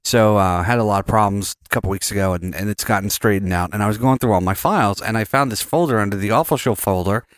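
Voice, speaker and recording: Low-voiced man joking crudely. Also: quick pace, few pauses, no room sound, clean studio sound. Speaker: podcast host. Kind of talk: casual chat.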